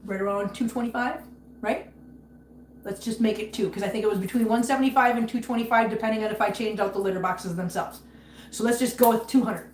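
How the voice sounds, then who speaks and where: A woman's voice: medium pitch, a little fast. Angry ranting woman livestreaming in an echoey room. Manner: angry ranting, greets viewers warmly by name. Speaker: livestream host. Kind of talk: casual livestream chat. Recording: echoey room with faint ambience.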